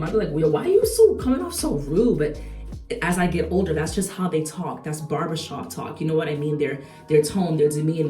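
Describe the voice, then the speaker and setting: Chatty low-voiced woman with a slangy manner. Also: reverberant, distant mic. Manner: chatty, conversational, frequent rhetorical asides; slangy and animated. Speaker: beauty vlogger. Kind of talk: casual chat while doing makeup.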